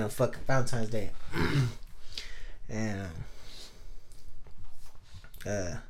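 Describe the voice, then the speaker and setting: A young man casually telling a personal story, rambling with heavy slang, profanity and many fillers. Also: mid-range voice.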